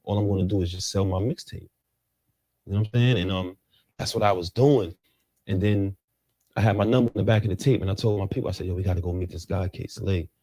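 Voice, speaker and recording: Talking at a quick pace in a dark-toned voice, a man recounts his story as an interview guest, captured in a dry recording. Street slang runs throughout, and he performs other people's words with leaps in pitch.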